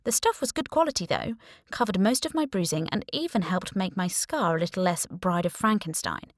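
Woman narrator, low-ish voice, wry first-person audiobook read, dry studio sound. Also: brisk, dry recording. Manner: wry, lively storytelling.

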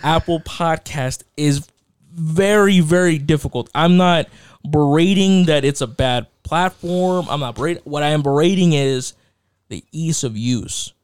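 Emphatic young man, bright-ish voice. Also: fairly high pitch, unhurried, clean tone, no echo, clean studio sound. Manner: emphatic, repeats himself, says bro and dude. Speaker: podcast co-host. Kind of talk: casual chat.

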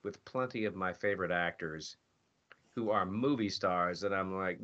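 A man's voice: low-pitched, normal speed, fairly bright tone. A man, a voice actor being interviewed, telling stories casually and animatedly, acting out his own quoted lines. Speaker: voice actor guest. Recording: dull lo-fi audio.

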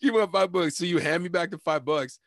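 A man in casual chat, telling a bar story in an animated, profane way, laughing and acting out what people said. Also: high voice, fairly quick. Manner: animated, profane, laughs often, acts out quotes.

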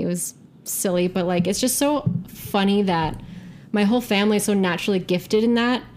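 A young adult woman telling a story in a casual podcast chat, animated, profane and self-mocking. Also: mid-range voice, a little hiss or hum. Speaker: guest storyteller.

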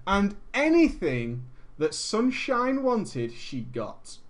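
Man, casual storytelling, profane, laughs a lot, loud bursts and mutters, lively pitch. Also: extremely slow. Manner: animated, profane, laughs often, jumps between loud and muttered asides. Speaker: streamer telling a gaming story. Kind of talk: casual storytelling to a live chat.

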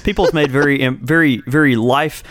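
An easygoing man co-hosting a podcast, rambling with restarts and chuckles. His voice sits in an ordinary middle pitch, recorded close and dry. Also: fairly even intonation, fairly quick, a bit bright, dry recording. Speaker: podcast co-host. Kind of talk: casual chat.

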